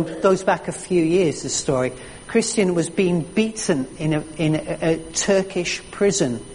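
A preacher delivering a sermon with slow, emphatic storytelling. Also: mid-range voice, darkish tone, a little hiss or hum. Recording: echoey hall reverb.

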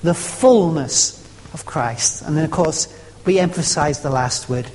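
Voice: mid-range voice, a little slow, darkish tone, slightly rough. Preacher in a reverberant church. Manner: emphatic, repeating phrases and stressing words in turn. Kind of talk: sermon.

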